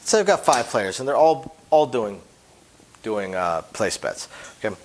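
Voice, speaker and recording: A man's voice: on the low side, sing-song, a little slow, slight background noise, low-quality recording. Emphatic man teaching dealing. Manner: emphatic, voice drops off at phrase ends. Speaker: craps dealer and instructor. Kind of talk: instructional talk on dealing.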